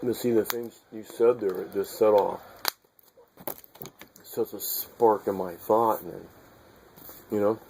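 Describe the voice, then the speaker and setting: A man's voice: fairly low pitch, steady tone, slow pace, gravelly, long pauses, warm tone, a little hiss or hum, poor audio. A man musing in a rambling way about faith and life, repeating himself and chuckling often. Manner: meandering, repetitive, chuckling often.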